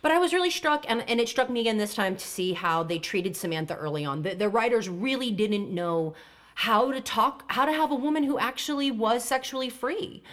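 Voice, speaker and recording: Woman, podcast co-host, casual chat, profane, playful, lively pitch. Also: brisk. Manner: animated, profane, playful impressions.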